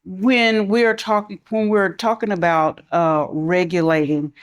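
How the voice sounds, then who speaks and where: A middle-aged woman who works in schools, speaking conversationally on a panel and softening her voice for examples. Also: on the low side, unhurried. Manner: conversational, relaxed, drops to a soft calm voice for examples. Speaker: school mental health professional. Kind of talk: panel talk.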